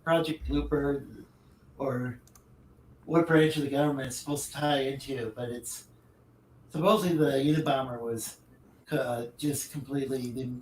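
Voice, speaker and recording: A man co-hosting a podcast, talking casually and hesitantly, searching for his words. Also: on the high side. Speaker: podcast co-host. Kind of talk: casual chat. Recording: roomy distant mic with faint noise.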